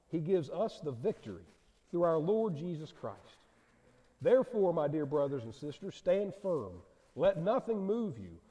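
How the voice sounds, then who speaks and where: Earnest preacher guy, high animated voice, mellow tone, big echoey church. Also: dull audio. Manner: earnest, asks the congregation questions. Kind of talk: sermon. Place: church sanctuary. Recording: long hall reverb.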